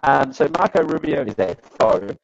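A male radio host talks through political news in a loose, sarcastic way, with a gravelly edge to his voice. The sound is dry and a little dull, like a lo-fi broadcast feed. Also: medium pitch, expressive, moderate pace, no room sound. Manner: wry, sarcastic asides with chuckles. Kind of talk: casual political commentary.

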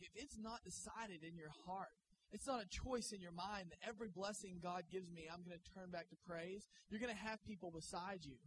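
Upbeat pastor guy preaching, kinda high voice, noisy church sound. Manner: joking, energetic. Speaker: guest pastor. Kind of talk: sermon. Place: church sanctuary.

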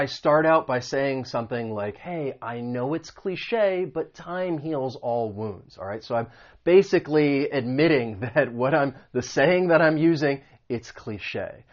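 A man's voice: mid-range voice, highs cut off. A man teaching English vocabulary, explaining meanings and pronunciation patiently with spoken examples. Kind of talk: vocabulary lesson.

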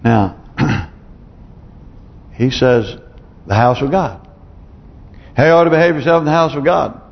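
A man preaching a sermon in a conversational way, asking rhetorical questions, chuckling to himself and often clearing his throat. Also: medium pitch, measured pace. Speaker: pastor. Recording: muffled recording, long church reverb.

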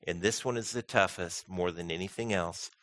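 A man preaching a sermon as pastor, animated and humorous, acting out quoted voices. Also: deep voice, normal speed.

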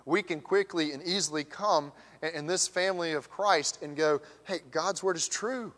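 A man preaching a sermon as pastor, swinging from emphatic raised questions to hushed near-whispers. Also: on the high side, normal speed. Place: church sanctuary. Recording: long church hall reverb.

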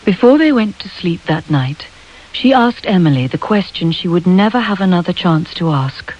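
A woman narrating a storybook in a measured, expressive way. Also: fairly low pitch, lo-fi sound. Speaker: audiobook narrator.

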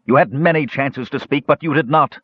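A man voicing a proud, furious old male dwarf who rants in a shrill, sputtering, indignant way. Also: brisk, slightly rough, dry recording, lightly acted. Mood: bitter. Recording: dull, dry lo-fi audiobook recording.

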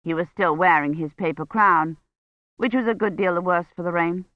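A narrator reading a novel aloud in a measured, even storytelling voice. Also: mid-range voice, no room sound. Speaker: audiobook narrator. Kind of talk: scripted audiobook narration. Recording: dry, dull lo-fi recording.

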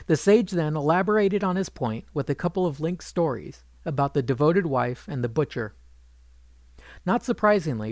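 A man reading a retold legend aloud in an even, measured narration, quoting the characters without putting on voices. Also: on the high side, no echo. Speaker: storyteller.

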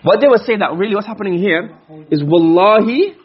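A man lectures a class at speed, his voice high-pitched and a little husky. He keeps stopping to quiz his students. The recording is dull and low-fidelity. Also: animated, a little hiss or hum. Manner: quick, questioning students often, mixing Arabic terms. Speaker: teacher of Arabic rhetoric.

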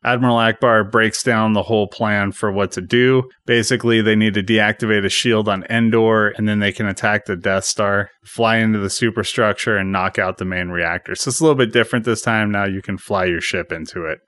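A man hosting his own podcast, chatting casually as he retells film scenes and drops quick opinions. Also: fairly low pitch, steady tone, fairly bright tone, no room sound. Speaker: podcast host. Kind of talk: casual solo movie recap podcast.

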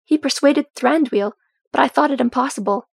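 A woman's voice: a little high, fairly even intonation, fast, gravelly, darkish tone, husky, dry recording, clean studio sound, full character voice. Dís, a woman reading as a proud, grieving dwarf noblewoman. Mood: startled. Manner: tight, restrained.

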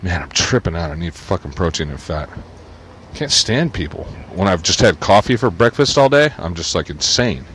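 A man's voice: deep voice, big pitch swings, moderate pace, fairly bright tone, slight background noise. A man vlogging in a crude, sardonic rambling monologue, cursing freely.

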